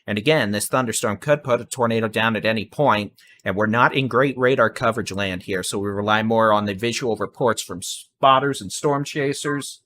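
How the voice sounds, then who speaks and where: A man giving fast, urgent live severe weather warnings and repeating safety instructions. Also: lowish voice, fairly bright tone. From Texas.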